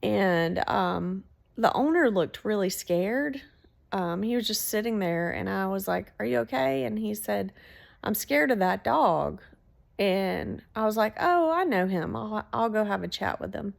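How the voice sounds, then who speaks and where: A woman telling a story in a casual, animated way, swearing freely. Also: mid-range voice, measured pace, creaky. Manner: animated, swearing, laughs between lines.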